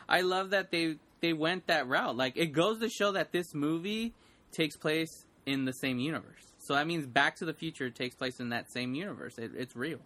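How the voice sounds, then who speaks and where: A man co-hosting a casual podcast, excitedly retelling stories and giving shout-outs. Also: medium pitch, moderate pace, noisy background. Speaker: podcast co-host. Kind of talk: casual chat.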